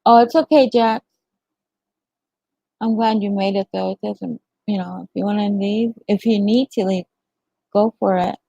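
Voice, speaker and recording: A woman's voice: mid-range voice, steady tone, normal speed, vocal fry, long pauses, warm tone, dry recording, rough recording. A middle-aged woman chatting on her livestream, telling a story and laughing often. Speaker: livestream host. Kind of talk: casual chat with live viewers.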